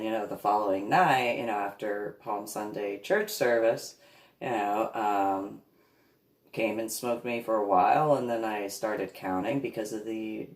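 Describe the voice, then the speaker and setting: In an echoey room, a woman with a very deep voice rambles casually through a long personal story. She laughs at her own tale and acts out what other people said.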